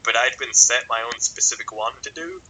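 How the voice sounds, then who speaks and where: A man's voice: mid-range voice, steady tone, a little fast, bright, forceful tone, slight background noise, poor audio. Sweary young man telling a story. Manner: sweary, rambling, filler-heavy. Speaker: podcast co-host. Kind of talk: casual podcast storytelling.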